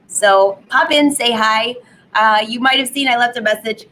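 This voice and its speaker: A woman hosting a live sewing vlog from her home studio, slightly hoarse from a cold, chatty and upbeat, laughing at her own jokes. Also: fairly high pitch, moderate pace, bright, forceful tone, slight background noise, low-quality recording. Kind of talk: casual live stream chat.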